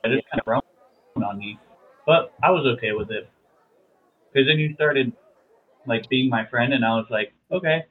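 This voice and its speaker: A man's voice: medium pitch, normal speed, long pauses. A young man, a podcast co-host, talking in a laid-back way on a casual chat show. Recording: tinny phone-like sound with faint hiss.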